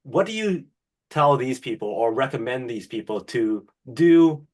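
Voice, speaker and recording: A man hosts a podcast and puts thoughtful questions to his guest. He pauses and restarts now and then as he shapes each question. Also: mid-range voice, animated. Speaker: podcast host. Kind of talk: interview questions.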